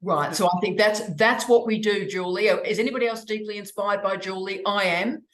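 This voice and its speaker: An Australian woman hosting a university information session, talking in an effusive, affectionate, energetic way. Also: medium pitch, a little fast, reverberant. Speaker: university graduate studies host.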